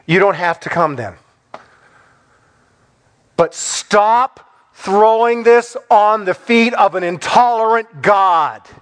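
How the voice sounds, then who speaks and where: A man's voice: high-pitched, slow pace, pauses often, fairly bright tone. A man, a pastor, preaching a sermon with emphatic, repeated declarations that build in intensity.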